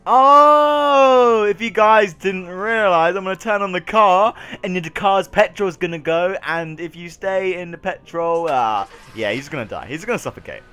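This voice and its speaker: A young man doing let's play commentary on a video game, excitable, dropping from low mutters to loud yells. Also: moderate pace, few pauses, clean tone. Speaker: gaming YouTuber.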